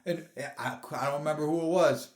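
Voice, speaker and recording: A man's voice: fairly high pitch, fairly quick. A man in his thirties hosting a podcast, telling profane stories in casual chat and acting out the voices in them. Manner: profane, animated storyteller who acts out quotes. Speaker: podcast host.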